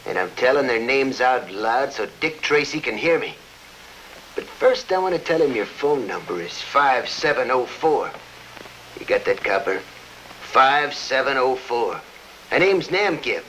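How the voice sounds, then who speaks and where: A man's voice: medium pitch, expressive, a little slow, a bit bright, low-quality recording. An actor playing a scheming, greedy gangster boss who gloats as he blackmails, in a 1940s radio drama with faint hiss. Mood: gloating. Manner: gloating, tough-guy snarl.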